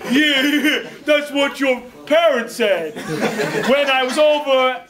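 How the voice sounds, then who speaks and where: A man voicing a brash male donkey mafia thug who is a football fanatic, cheering loudly and gleefully. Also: very high-pitched, slow, roomy sound, distant mic. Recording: loud crowd noise in room.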